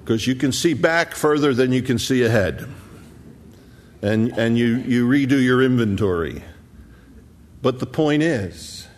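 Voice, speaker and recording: A man preaching a sermon, explaining scripture conversationally and stressing key words with slow, emphatic pauses. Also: mid-range voice, a little mellow. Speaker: pastor.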